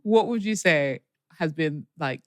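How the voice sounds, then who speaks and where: A young woman with a London accent, hosting a casual podcast chat in an animated, chatty way. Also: low voice, measured pace, no echo, studio quality. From United Kingdom. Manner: chatty, animated, laughs often. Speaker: podcast host.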